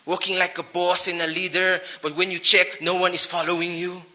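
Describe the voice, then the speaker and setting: A man's voice: high-pitched, level tone, brisk, pushed and bright. A man with a Naga accent giving a preachy motivational talk to young men, full of rhyming wordplay and rhetorical questions.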